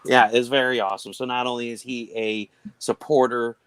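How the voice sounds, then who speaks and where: A man's voice: medium pitch, flat delivery, normal speed, over a noisy crowd, rough recording. A man hosting a casual charity art auction stream, joking around and reading item descriptions aloud. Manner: jokey, reads item blurbs aloud. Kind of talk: casual livestream chat.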